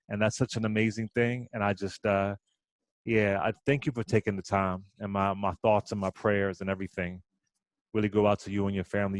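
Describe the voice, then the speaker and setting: A male talk-radio host with a slightly low voice stumbles over his words, clearly moved. He restarts sentences often. The recording is dry and close. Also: no echo. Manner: halting, emotional, stammers.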